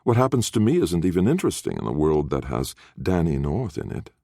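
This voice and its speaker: A proud, catty young woman speaks with a sharp, cutting tongue, voiced by a male audiobook reader. Her delivery swings widely in pitch, recorded close and dry. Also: big pitch swings, a little fast, vocal fry, no echo, heavily acted. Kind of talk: audiobook character voice.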